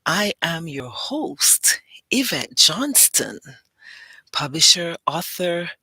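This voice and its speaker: A woman hosts her own show in an easygoing, rambling chat, drawing out her words at an unhurried pace. Her voice is bright and forward, and the recording is dry with almost no room sound. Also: lowish voice, sing-song, slightly rough, no room sound. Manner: chatty, rambling, playful. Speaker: host and publisher. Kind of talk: casual livestream talk.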